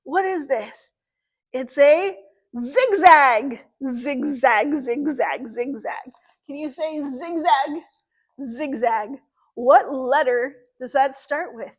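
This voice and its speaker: High, slow, sing-song librarian woman. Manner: animated sing-song, slow and clear for kids. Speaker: children's librarian. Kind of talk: story time for young children.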